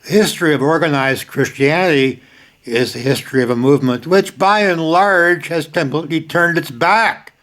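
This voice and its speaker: A man's voice: mid-range voice, a bit bright. An older man talking straight to the camera, emphatic, repeating key lines and breaking into sudden bursts of force. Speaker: video host. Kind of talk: casual spoken commentary.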